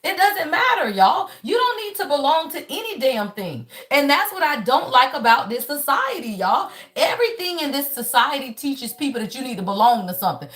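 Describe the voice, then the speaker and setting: A woman's voice: high voice, sing-song, moderate pace, few pauses, a bit bright. A woman giving a live tarot reading, talking bluntly and profanely, preaching, and filling in with "y'all" and "right?". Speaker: tarot reader. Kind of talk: live spiritual reading, casual chat.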